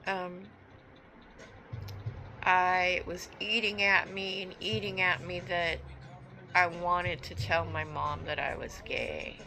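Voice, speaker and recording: A woman telling a personal story in a halting, earnest, reflective way. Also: on the low side, steady tone, bright, forceful tone, slight background noise, low-quality recording. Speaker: vlogger.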